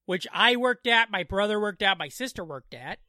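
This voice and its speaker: A man co-hosting a comedy podcast from his living room, tossing out sarcastic, profane jokes. His bright voice swings widely in pitch, and the sound is dry and close. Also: expressive, normal speed, no room sound. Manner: joking, profane, sarcastic asides. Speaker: podcast co-host. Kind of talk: casual comedic chat.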